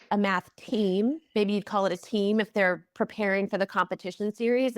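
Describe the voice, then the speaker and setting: Woman interview guest, mid-pitched voice, earnest and explanatory, dry close recording. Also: dry recording. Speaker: executive director of a math organization, guest. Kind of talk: interview answers.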